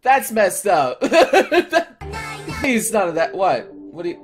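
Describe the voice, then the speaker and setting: A man hosting a reaction video, excitable and loud, swearing often and protesting. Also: high-pitched, slow pace, faint music behind. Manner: excitable, swears a lot, laughs and protests loudly. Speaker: host reacting to fan videos. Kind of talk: reaction commentary.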